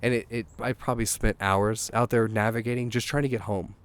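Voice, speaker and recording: A man, a songwriter guest, telling a rambling anecdote in a casual, animated way, swearing and acting out what people said. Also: lowish voice, a little fast, smooth. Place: outdoors.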